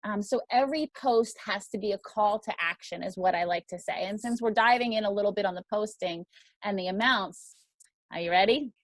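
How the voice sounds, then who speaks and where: A woman's voice: mid-range voice, fairly quick, no room sound. A woman teaching a crowdfunding class, upbeat and emphatic. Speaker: crowdfunding instructor.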